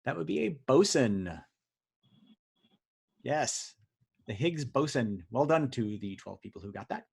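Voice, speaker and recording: A man's voice: mid-range voice, expressive, a little slow, gravelly, a little mellow, husky. Joking man hosting a quiz. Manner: joking, teasing, chatty. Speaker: quiz host. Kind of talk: hosting a live online word quiz. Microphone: video call audio.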